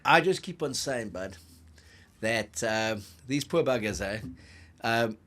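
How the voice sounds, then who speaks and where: A man co-hosting a rugby podcast, bantering in an animated, jokey way and laughing often. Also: medium pitch, takes it slowly. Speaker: rugby pundit co-host.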